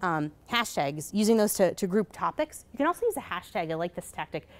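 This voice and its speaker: Casual woman presenting, lower voice. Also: big pitch swings. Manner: casual, many fillers, rhetorical "right?" tags; hurried, self-correcting. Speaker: conference presenter. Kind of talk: live presentation. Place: conference session.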